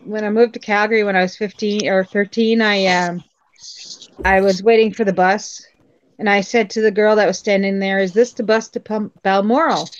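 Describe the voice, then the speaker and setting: A woman's voice: mid-range voice, fairly even intonation, moderate pace, highs cut off. Chatty woman, faint Newfoundland accent. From Newfoundland, Canada. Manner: chatty storyteller, laughs often. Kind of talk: casual group chat.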